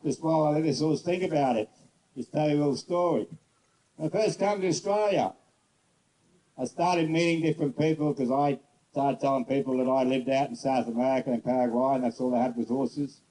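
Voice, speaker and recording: A man horse trainer giving a casual outdoor demonstration, telling stories bluntly and coaxing a horse softly. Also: medium pitch, a little fast, poor audio. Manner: casual, rambling, blunt storyteller; soft coaxing talk to the horse. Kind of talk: demonstration lesson with storytelling.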